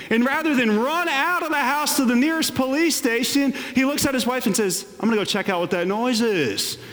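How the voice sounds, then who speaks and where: A man preaching a sermon as pastor, animated with playful asides. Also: extremely high pitch, long reverb tail.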